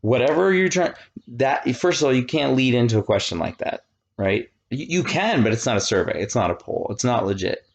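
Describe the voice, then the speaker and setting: A man in his thirties giving a casual, animated classroom lecture, often checking that students follow. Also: medium pitch, a little fast, gravelly. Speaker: college lecturer.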